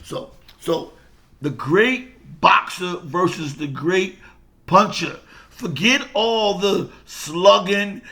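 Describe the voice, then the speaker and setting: An older man and boxing coach, telling a story in an animated way, repeating himself and swearing freely. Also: high-pitched, drawn-out words. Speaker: boxing coach and former fighter. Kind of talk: casual boxing talk to camera.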